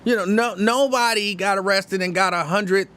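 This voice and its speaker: A man from hosting a live-stream show, chatting casually and reading viewer comments, opinionated and halting, with many restarts. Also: high-pitched, pushed and bright. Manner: conversational, opinionated, halting with frequent restarts and fillers.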